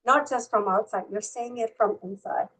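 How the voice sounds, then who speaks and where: Earnest, halting woman sharing a practice. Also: a little high, a bit bright, rough recording. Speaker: workshop participant.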